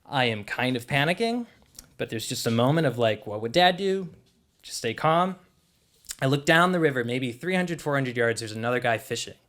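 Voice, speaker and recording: Animated young man telling a story. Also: mid-range voice, moderate pace. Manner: animated, conversational, lots of "like". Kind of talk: live personal storytelling.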